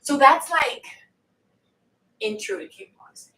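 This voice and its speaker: A woman's voice: sits high, lively intonation, slow, vocal fry, bright, forceful tone. A woman fitness coach joking and swearing while she works out, breathing hard. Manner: joking, profane banter while exercising. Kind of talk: live workout coaching. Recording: echoey room, distant mic, faint noise.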